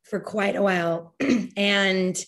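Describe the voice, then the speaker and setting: A woman guest on a podcast, talking earnestly and effusively, with halting restarts and frequent laughter. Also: medium pitch, fairly even intonation. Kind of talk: casual interview chat.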